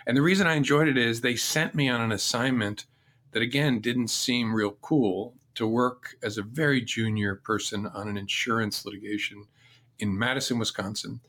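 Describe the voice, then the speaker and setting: A man's voice: mid-range voice, moderate pace, fairly bright tone. A middle-aged man answering interview questions, telling his career story in an earnest, reflective way. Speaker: interview guest.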